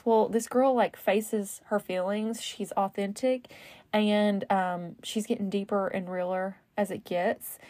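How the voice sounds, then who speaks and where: A woman delivers a casual solo monologue on her own podcast, rambling and full of fillers and self-corrections. Her voice sits in the mid range, with no room sound.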